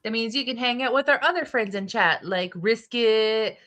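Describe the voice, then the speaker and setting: A woman co-hosting a livestream, joking and bantering quickly. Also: a little high, a bit bright. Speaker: co-host. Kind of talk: casual chat.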